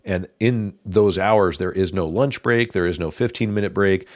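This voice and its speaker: A man hosting his own podcast, talking in a calm, thoughtful, casual way with pauses. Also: sits low, no room sound, studio quality. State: slightly out of breath. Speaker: podcast host. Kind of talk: casual reflective monologue.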